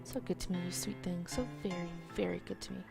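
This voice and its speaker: A woman voicing a spoiled young woman in a game, reading her lines in a soft, fawning way. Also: lowish voice, fast, gravelly, faint music behind.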